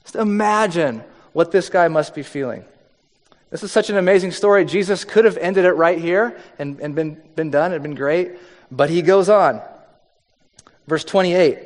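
A man's voice: a little high, moderate pace, in a large hall. A man preaching a sermon, reading scripture and acting it out in a conversational way. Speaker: pastor.

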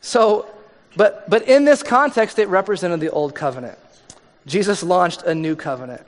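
Pastor, male, casual joking sermon delivery, slightly higher voice, long church-hall reverb. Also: moderate pace. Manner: conversational and joking, acts out quoted voices.

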